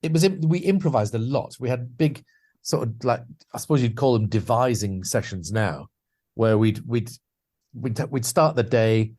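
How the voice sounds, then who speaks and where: On a podcast, a male guest shares career anecdotes in a chatty, self-deprecating style, restarting his sentences often. His voice sits in the mid range, with a slightly mellow quality and an ordinary speaking speed.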